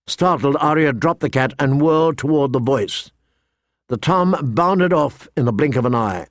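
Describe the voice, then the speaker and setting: A man reading a fantasy novel aloud as narrator, steady and shifting pace with the action. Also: medium pitch, moderate pace, no echo, studio quality. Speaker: audiobook narrator. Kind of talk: scripted narration.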